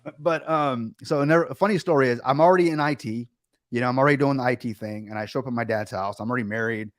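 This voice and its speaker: A middle-aged man, a guest, telling a rambling story in a lively, animated way. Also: mid-range voice, fast talker, no room sound, clean studio sound. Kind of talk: casual storytelling chat.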